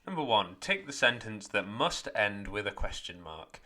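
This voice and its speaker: Bright-voiced man walking through a test. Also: fairly low pitch, sing-song, normal speed. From England. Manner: methodical, explains step by step. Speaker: teacher. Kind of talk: exam walkthrough lesson.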